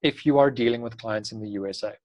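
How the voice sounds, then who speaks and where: A man giving an online class lecture in a brisk, practical, advisory way. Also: mid-range voice, poor audio. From South Africa. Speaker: instructor.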